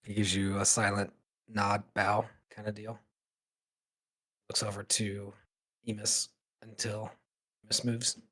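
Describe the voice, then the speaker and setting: A man narrating as game master of a tabletop game, relaxed and meandering with many fillers. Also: lowish voice, takes it slowly, pauses often, husky.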